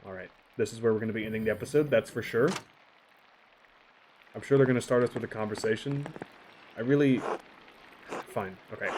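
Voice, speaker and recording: A man hosting a game playthrough, chatting casually, reading dialogue aloud and swearing excitedly at the characters. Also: fairly low pitch, brisk, pauses often, a little hiss or hum, poor audio. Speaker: let's play host.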